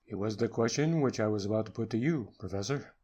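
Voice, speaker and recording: A man voicing a calm, shrewd detective in an audiobook, measured, courteous and quietly wry. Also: on the low side, breathy edge. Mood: politely guarded. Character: calm, shrewd male detective, dryly amused. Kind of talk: audiobook character reading.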